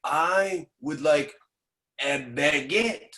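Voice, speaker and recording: A man's voice: fairly high pitch, drawn-out words, sharp tone, pitched below the performer's own voice, full character voice. A man playing a pompous Frenchman with a put-on French accent in an improv scene. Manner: pompous, theatrical.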